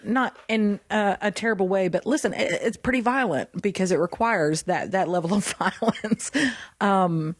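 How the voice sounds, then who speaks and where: A woman co-hosting a Christian podcast, talking in an animated way and laughing often. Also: lowish voice, dry recording, clean studio sound. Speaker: podcast co-host.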